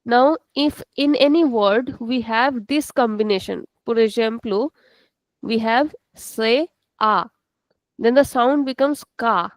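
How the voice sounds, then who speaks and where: A woman's voice: on the high side, slow pace, no room sound. A woman teaching a live online class, patiently explaining and repeating words for her students. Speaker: Portuguese teacher.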